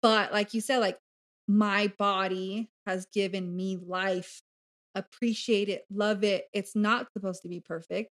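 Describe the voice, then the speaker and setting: A woman speaking as a podcast guest in candid, casual conversation, animated and blunt, swearing freely. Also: medium pitch, measured pace. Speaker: podcast guest, bariatric coach.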